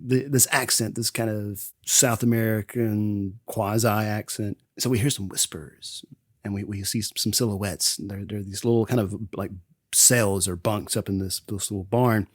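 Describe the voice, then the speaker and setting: A man hosting a casual podcast and recapping a film, laughing often and acting out lines in quick voices. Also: lowish voice, a little mellow, no echo, studio quality. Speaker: podcast host. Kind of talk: casual movie recap chat.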